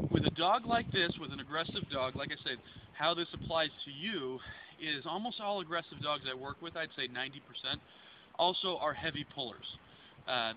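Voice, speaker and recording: Man, dog trainer, fairly high voice, plain explanatory delivery, dull lo-fi recording, loud noise behind. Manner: plain explanatory, talks while handling a dog. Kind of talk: instructional on-location demonstration.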